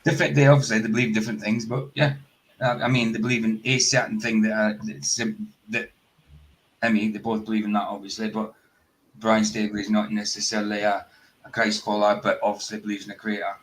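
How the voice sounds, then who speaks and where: Chatty livestream host man, deeper voice. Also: level tone, fast talker, poor audio. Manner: chatty, swears casually, greets viewers. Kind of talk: casual live chat.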